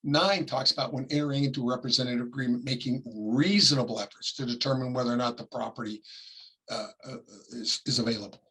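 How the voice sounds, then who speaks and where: A middle-aged man from California teaching a class, talking casually and acting out quick examples, often coughing and clearing his throat. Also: mid-range voice, a bit bright, low-quality recording. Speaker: real estate ethics instructor. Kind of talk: classroom lecture.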